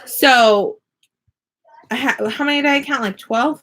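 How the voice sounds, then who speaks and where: A woman vlogging from her home classroom, chatting casually and upbeat with quick laughs while she crafts. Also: high voice, huge pitch swings, background noise. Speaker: vlogger and online teacher.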